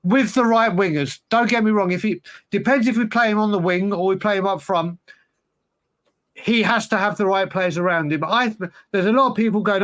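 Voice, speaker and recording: High-voiced bloke talking football. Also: male voice, moderate pace, fairly bright tone. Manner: rambling, restarts, emphatic opinions. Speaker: podcast co-host. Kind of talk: casual football chat.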